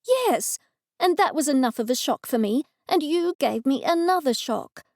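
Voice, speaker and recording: A woman's voice: sits high, animated, a little slow, a little mellow, dry recording, clean studio sound, voice pushed up. A woman voicing a sixty-year-old heroine who sputters and shrieks in agitation. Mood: indignant.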